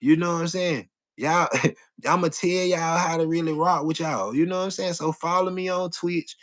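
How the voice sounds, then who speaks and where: A man's voice: on the high side, fairly even intonation, normal speed. A man hosting a casual live stream, chatting loosely with viewers in slang and repeating his phrases over and over. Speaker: livestream host.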